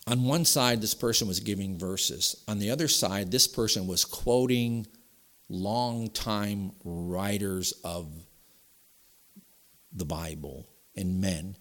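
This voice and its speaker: A pastor delivering a sermon in a somewhat nasal voice, preaching with emphasis and rising louder when he reads scripture. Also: on the low side, slow pace.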